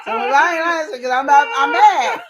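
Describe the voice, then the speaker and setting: A woman's voice: sits high, brisk, lo-fi sound, crowd noise. A woman co-hosting a casual chat show, reading viewer comments and acting out quoted voices with lots of laughter. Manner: animated, acts out quoted voices; laughs often. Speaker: podcast co-host.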